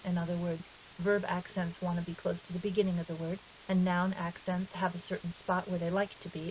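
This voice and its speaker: Woman calmly explaining a grammar lesson. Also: fairly low pitch. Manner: patient, methodical, with fillers and self-corrections. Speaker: Greek teacher. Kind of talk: recorded lecture explanation. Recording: dull lo-fi recording with faint hiss.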